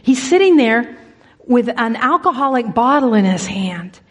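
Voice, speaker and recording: A woman's voice: on the high side, sing-song, unhurried, in a large hall. A woman giving an earnest sermon, telling a church story and leading a prayer, often restarting her words. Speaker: church speaker.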